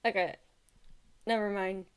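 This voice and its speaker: A woman's voice: medium pitch, steady tone, a little slow, smooth. A woman streamer commenting casually on a video, exasperated and often restarting her sentences.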